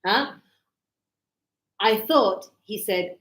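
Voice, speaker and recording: A woman's voice: on the high side, animated, measured pace. A woman with an Australian accent teaching English, explaining phrases in a chatty way with acted examples. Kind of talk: online language lesson. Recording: echoey room.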